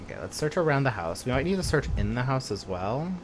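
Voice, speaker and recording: A woman chats casually and self-deprecatingly over a game. Her voice is strikingly low for a woman and moves a lot in pitch. The talk is loose and unscripted. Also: sing-song, quick pace, background noise. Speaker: let's play host. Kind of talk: casual gameplay commentary.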